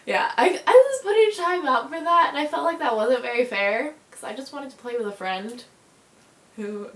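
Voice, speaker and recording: Chatty young woman in an echoey room. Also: on the high side. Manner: chatty and animated, many fillers, bursts of laughter. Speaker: vlogger. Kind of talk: casual storytelling to camera.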